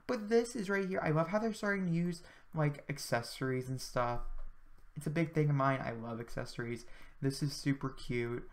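Gushing, excitable young man. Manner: gushing and excitable, with sudden upward pitch jumps. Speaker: video creator. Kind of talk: casual game commentary.

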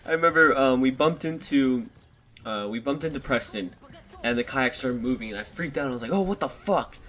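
Here the same sort of twentysomething vlogger has a brisk delivery, medium pitch, and a fairly bright tone. He casually recounts a story to viewers, wandering off track, swearing frequently, and laughing at himself, all captured on a desktop USB microphone.

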